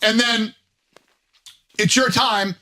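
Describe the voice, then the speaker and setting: A middle-aged man telling stories as a guest in a casual chat, animated and swearing constantly. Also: high-pitched, takes it slowly. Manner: animated storytelling, heavy swearing. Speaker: podcast guest.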